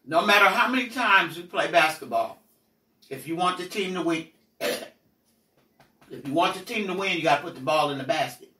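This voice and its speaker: A middle-aged woman telling personal stories in a blunt, profane, animated way as the host of a candid talk. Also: on the low side, normal speed. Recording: roomy echo, mic at a distance.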